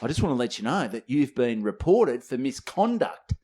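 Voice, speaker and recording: An Australian man in his twenties co-hosts a comedy podcast, spinning a rowdy story packed with swearing and acting out other people's lines in an animated way. His voice is husky and medium-pitched, at a moderate pace.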